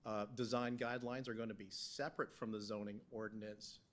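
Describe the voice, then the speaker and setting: A man on the town staff presenting slides at a council work session, halting, with many fillers and restarts. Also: fairly low pitch, level tone. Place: council meeting room.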